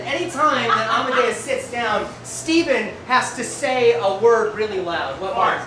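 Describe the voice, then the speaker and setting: Improv host, woman, laid-back and profane, slightly high, mic far off. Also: a little slow, noisy background. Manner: casual, lots of filler, swears. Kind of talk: live comedy hosting. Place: small comedy club. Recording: echoey club from far off. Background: loud audience.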